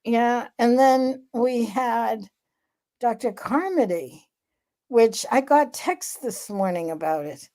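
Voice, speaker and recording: A woman co-hosting a candid podcast conversation, explaining in a measured, deliberate way with frequent fillers. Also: fairly high pitch, lively intonation, dark tone. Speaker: podcast co-host, researcher.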